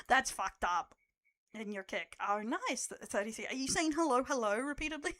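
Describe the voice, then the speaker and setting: A woman's voice: a little high, expressive, normal speed, pushed and bright, no echo. A young Australian woman streaming live, chatting casually with her viewers, laughing often and swearing as she teases.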